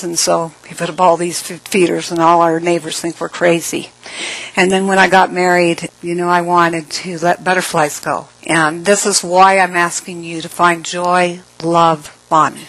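A middle-aged woman giving an inspirational talk, earnest and slow on key phrases, with playful asides and laughs. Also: on the low side, a bit bright, poor audio. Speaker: speaker.

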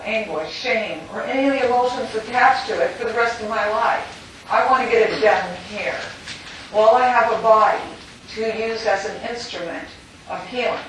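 A middle-aged woman speaking candidly and emotionally about her near-death experience, telling a personal story with laughter. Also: mid-range voice. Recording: very echoey, distant mic with noise.

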